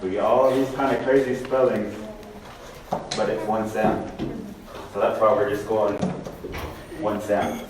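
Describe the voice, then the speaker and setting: A man's voice: on the low side, level tone, unhurried, pauses often. A man co-teaching a language class, explaining casually to the students. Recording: echoey classroom from far off with background noise.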